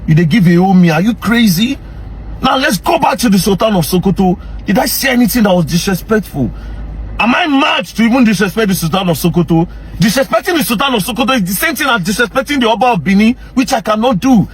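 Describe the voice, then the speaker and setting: A young man with a Nigerian Pidgin English accent, ranting angrily and confrontationally straight to camera as a social media commentator, often breaking into shouts. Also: high-pitched, expressive, fast talker, husky. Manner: angry, confrontational, repeatedly shouting. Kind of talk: heated direct-to-camera rant.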